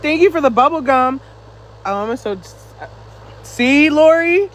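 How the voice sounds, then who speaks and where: High-pitched guy on his phone live, chatty and laughing at comments, kinda winded. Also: animated, normal speed, a bit bright, slight background noise, low-quality recording. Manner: chatty, laughing, teasing viewers back. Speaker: live streamer. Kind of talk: casual live-stream chat reading comments.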